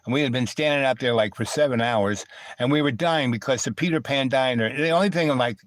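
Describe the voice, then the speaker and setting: A man's voice: medium pitch, fairly quick. A man in the middle of his voice range, spinning a loose, wandering anecdote for his live stream. He doubles back and digresses as he goes. The sound is dry and close, with no room echo. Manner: meandering, digressive, full of asides. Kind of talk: rambling personal storytelling.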